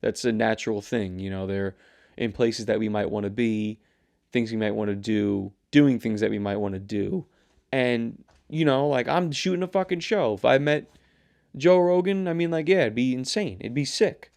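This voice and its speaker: A young man hosting his own show, rambling and swearing in a casual, animated rant. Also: medium pitch, normal speed, gravelly. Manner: rambling, profane, animated ranting. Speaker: show host. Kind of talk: casual solo commentary.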